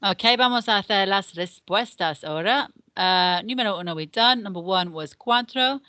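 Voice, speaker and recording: A woman with an English accent teaching a recorded beginner Spanish lesson, modelling each word slowly and carefully for pupils to repeat. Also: mid-range voice, bright, forceful tone, dry recording. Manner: slow, careful modelling of pronunciation.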